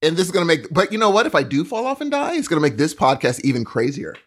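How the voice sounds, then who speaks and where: A man's voice: on the high side, very animated, fast talker. A man co-hosting a podcast, telling a story in casual chat and acting out other people's lines. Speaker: podcast co-host.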